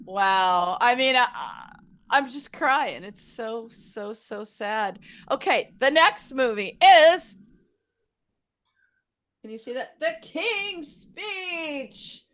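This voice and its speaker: A woman's voice: a little high, animated, slow pace, a bit bright. A woman hosting an online improv game, playfully calling out timed rounds and laughing along. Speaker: improv game host and timer. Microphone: video call.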